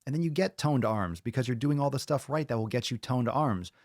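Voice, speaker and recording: A man's voice: mid-range voice, expressive, fairly quick, darkish tone, dry recording, studio quality. A man hosting a fitness podcast in casual chat, ranting bluntly and swearing often. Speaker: podcast host.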